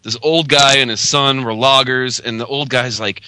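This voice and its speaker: A man's voice: medium pitch, normal speed, hardly any pauses, bright, forceful tone, dry recording. A man telling a story in casual chat as podcast co-host, laid-back and joking.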